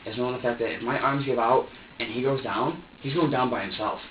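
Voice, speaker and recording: A man's voice: medium pitch, fairly quick, a little hiss or hum. Rambling man in a tinny interview room. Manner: rambling, repetitive, defensive. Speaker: suspect being questioned. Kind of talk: police interrogation. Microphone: far room microphone. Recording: tinny, echoey room audio from far off.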